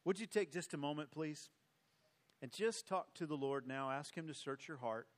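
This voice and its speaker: A man with a slightly raised pitch preaches to his congregation. He drives his points home through repetition and urgent exhortation, then moves into a prayer for the church. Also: normal speed. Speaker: pastor. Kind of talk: sermon. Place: church sanctuary.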